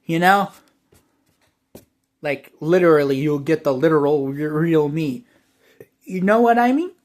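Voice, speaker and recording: Man vlogger, slow drawling delivery, cursing and rambling in an overblown persona. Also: on the high side, expressive. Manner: exaggerated brash persona, heavy swearing, rambling. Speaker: online video creator. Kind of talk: rambling profane monologue to camera.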